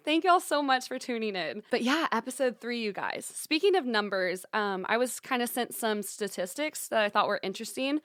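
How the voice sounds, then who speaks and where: A bubbly woman in her twenties hosts a solo podcast, chatting with upbeat energy to her listeners. Her voice sits fairly high and sounds smooth and clear, recorded close and dry in a small studio. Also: fairly bright tone, no echo. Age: young adult; 20s. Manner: bubbly, upbeat, says "y'all" and "you guys" often. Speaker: podcast host.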